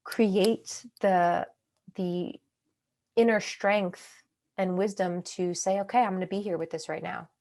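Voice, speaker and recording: A woman coaching a group on a call, speaking calmly and reflectively, sometimes acting out her own inner thoughts. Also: lowish voice. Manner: calm, reflective, acts out inner monologues.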